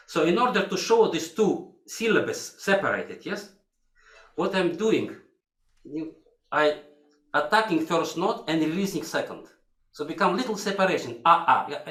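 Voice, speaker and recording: A man's voice: fairly high pitch, a bit bright. An older man with a coaching a violinist in a masterclass, singing phrases to demonstrate, in broken English. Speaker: violin teacher. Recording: echoey hall. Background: violin playing.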